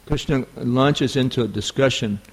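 A man with a New York accent giving a scripture class, halting and full of fillers. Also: mid-range voice, breathy edge. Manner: halting, many fillers and restarts. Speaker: spiritual teacher.

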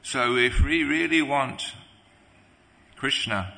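A man preaching a devotional sermon, halting, with many restarts and pauses. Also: mid-range voice, creaky, bright, forceful tone, long reverb tail.

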